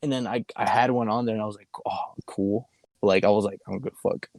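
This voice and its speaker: Here a young male co-host talks quickly in a lowish, steady voice with vocal fry and a slightly mellow quality. He's telling a long, meandering story on a podcast, full of swearing and laughter. The recording through the podcast mic is dry.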